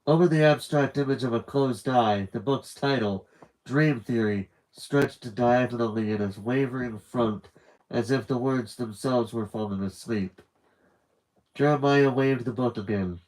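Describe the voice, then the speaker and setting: A man's voice: mid-range voice, a little slow, a little mellow, rough recording. Man reading a novel aloud live. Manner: casual, breaks off for rambling side comments. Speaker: novel reader.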